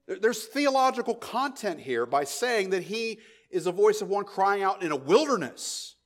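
A pastor preaching a sermon, emphatic, repeating key phrases and dropping into quiet asides. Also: male voice, high-pitched, sing-song, moderate pace.

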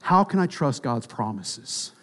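A pastor preaching a sermon in a church, emphatic, swinging between loud declarations and quiet, dropped phrases. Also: male voice, sing-song, a little slow. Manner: emphatic, rises and drops sharply in pitch and volume.

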